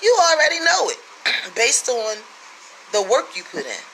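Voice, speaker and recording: A woman's voice: a little high, huge pitch swings, a little slow, sharp tone, slight background noise, rough recording. A woman from the United States giving blunt, profane relationship advice in a casual monologue.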